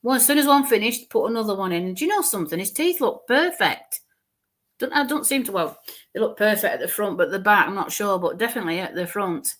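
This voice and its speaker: A woman gives a live mediumship reading in an expressive voice of middling pitch. Describing what she sees, she halts, repeats, and restarts words, and at times lapses into soft, quiet murmurs.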